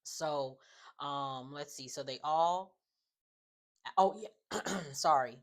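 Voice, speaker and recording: Very deep-voiced chatty woman recapping TV. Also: very slow. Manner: chatty, opinionated, often says "just like" and "um". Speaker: reality TV recap vlogger. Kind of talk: casual show recap commentary.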